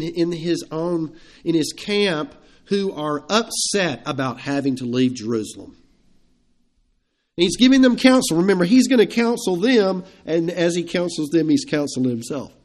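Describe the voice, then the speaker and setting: A pastor with a high voice preaches an evening sermon to his congregation in a conversational, emphatic way. He chuckles between points and puts questions to his listeners.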